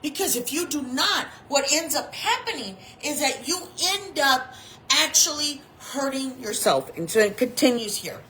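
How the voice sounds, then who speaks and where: A woman in her fifties preaching a sermon as a chaplain, talking in an animated way and acting out the people she quotes. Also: sits high, unhurried, slight background noise, rough recording. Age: 50s.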